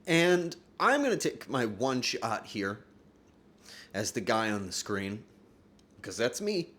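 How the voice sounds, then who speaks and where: A man's voice: mid-range voice, sing-song, slow pace, pauses often, fairly bright tone. A man streaming live and talking to his chat, earnest and profane, joking and laughing often. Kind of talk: livestream talk to chat.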